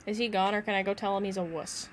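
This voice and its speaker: A woman's voice: mid-range voice, steady tone, fast talker, slight background noise. A woman streamer chatting casually and playfully while she plays a video game. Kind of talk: casual gaming stream chat.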